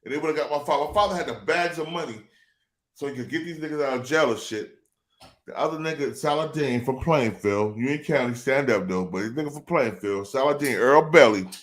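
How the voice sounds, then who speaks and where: A man's voice: medium pitch, reverberant. A man hosting a casual talk show, telling a long story and acting out the people in it. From New Jersey. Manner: animated, acts out quoted voices. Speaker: show host.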